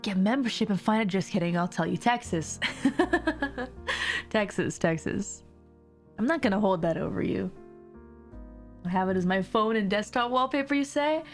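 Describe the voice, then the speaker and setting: A young woman chatting on a casual livestream at her desk mic, rambling from one thing to the next with plenty of laughs. Her voice sits at a middling pitch with a gravelly, fry-tinged edge, and a mild sore throat roughens it a little. Faint music plays underneath. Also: brisk. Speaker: streamer.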